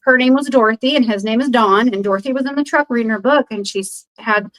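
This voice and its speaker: A woman with a fairly high voice tells a long story in relaxed conversation. She rambles and fills gaps with ums and you-knows. She brings the people in her story to life by voicing their quoted lines. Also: fast talker, low-quality recording. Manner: animated retelling, acts out others' quoted lines; rambling with frequent fillers. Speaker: podcast guest. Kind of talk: casual storytelling.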